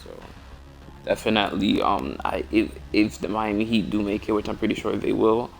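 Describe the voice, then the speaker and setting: Tired, gravelly-voiced young man talking sports. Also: on the low side, normal speed, faint music behind. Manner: rambling, many restarts and fillers. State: tired, yawning. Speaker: host. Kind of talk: casual sports talk stream.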